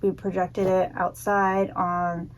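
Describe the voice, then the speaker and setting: A woman's voice: lowish voice, flat delivery, slow, a little hiss or hum. A woman in her thirties co-hosting a casual podcast, teasing her partner, laughing often and listing things as she recalls them. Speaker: podcast co-host. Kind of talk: casual chat.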